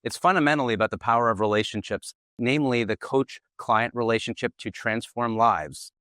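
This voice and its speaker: A man, a podcast guest, reading a passage from his book in a measured way. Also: medium pitch, a bit bright, no room sound, clean studio sound. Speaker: guest, co-author.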